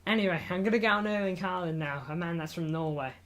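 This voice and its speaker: Talking quickly in a high, slightly bright voice, this football streamer reads out chat messages and calls his viewers lad. He's casual and jokey, filming indoors against a green screen, with slight background noise.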